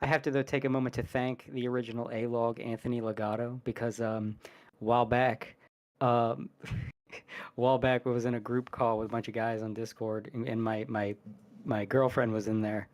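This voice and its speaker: A man's voice: mid-range voice, little pitch movement, normal speed, darkish tone. A man chatting casually as a podcast co-host, telling rambling stories between laughs.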